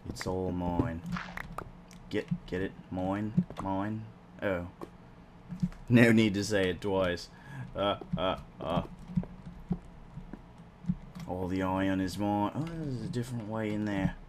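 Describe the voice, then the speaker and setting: A man giving casual gameplay commentary as host, excitable, swearing casually and talking to himself. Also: on the low side, slow pace, long pauses. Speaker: let's play host. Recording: clear background noise.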